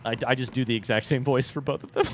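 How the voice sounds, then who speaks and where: A man from the US East Coast streaming a game live, thinking out loud and reacting excitably. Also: medium pitch, quick pace. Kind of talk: live gameplay commentary.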